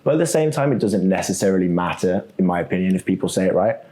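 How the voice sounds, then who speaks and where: A man's voice: low-pitched, quick pace. A man being interviewed as a guest, talking casually and thinking aloud, often ending points with "right?". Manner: relaxed, thinks aloud with many ums and "right?" tags. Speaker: guest, co-founder of a web3 architecture startup.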